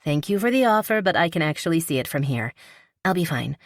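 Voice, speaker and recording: In an audiobook, a woman voices a young wealthy woman who is warm, polite, a bit shy, and playful, with an earnest mood. The reader's voice is low-pitched and sing-song, a little fast, recorded dry at studio quality.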